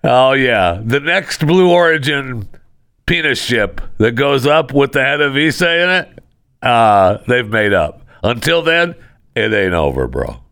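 A man's voice: medium pitch, very animated, a little slow, gravelly, a bit bright, dry recording, clean studio sound. A man hosting a sarcastic news commentary show, talking with mocking, sardonic asides. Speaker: host.

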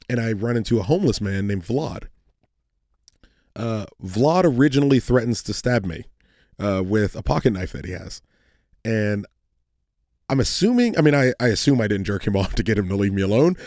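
A young man co-hosting a casual podcast, telling a rambling, animated story with swearing and laughter. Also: fairly low pitch, brisk, no echo, studio quality. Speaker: podcast co-host.

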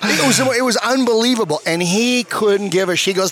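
A middle-aged man, a former hockey player, telling stories as a guest in a casual, animated, profane way, often checking in with "okay?". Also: high-pitched, a little fast, a little hiss or hum. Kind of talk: casual storytelling. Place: bar.

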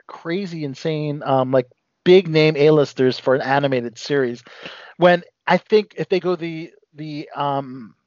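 A man's voice: a little high, dry recording. A man hosting a casual pop-culture podcast who rambles with many fillers and restarts. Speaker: podcast host. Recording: dull, dry lo-fi sound.

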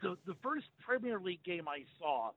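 A man's voice: sits high, very animated, moderate pace. An American man from the United States, a sports guest telling an earnest story and stumbling on repeated words. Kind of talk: remote interview chat. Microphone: phone. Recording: tinny phone line with faint noise.

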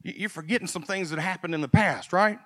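A male pastor preaching a sermon, animated and swinging from quiet folksy asides to loud emphasis. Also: sits high, quick pace, dry recording, clean studio sound.

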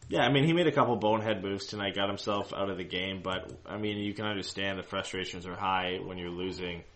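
A man with a very deep voice co-hosts a casual fan podcast. He talks in long, loose sentences and keeps restarting his thoughts. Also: fast talker, a bit bright, slight background noise. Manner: rambling, many restarts and fillers. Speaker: co-host of a hockey fan show.

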